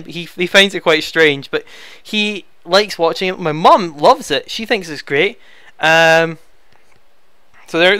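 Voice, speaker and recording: A man's voice: sits high, sharp tone, clear, resonant tone, dry recording. A young man answering viewer questions in a casual, rambling way, chatty and easily flustered, talking into a headset at home. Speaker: YouTube Let's Player. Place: home room.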